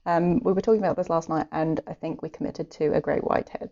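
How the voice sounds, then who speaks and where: An Irish art streamer chats casually and giggles to herself while drawing in a room at home, talking to herself as she sketches. Her low, dark voice stays steady and runs a little fast with few pauses, captured in dull lo-fi stream audio.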